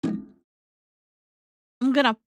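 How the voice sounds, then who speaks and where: A woman co-hosting a casual reaction stream, ranting in an exasperated, animated way. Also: drawn-out words, no echo, clean studio sound. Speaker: VTuber co-host.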